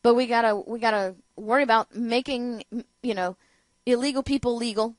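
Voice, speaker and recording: A woman radio talk show host with a slightly high voice speaks at a moderate pace in a recording with no echo. Her political commentary is opinionated, full of sarcasm, rhetorical questions and emphatic outbursts.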